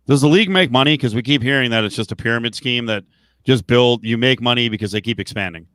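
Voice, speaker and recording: A man co-hosting a casual podcast, his voice smooth and resonant. He keeps things moving with brief questions and prompts, recorded dry and close with no room sound. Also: medium pitch, fast, pushed and bright, no echo. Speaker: podcast co-host.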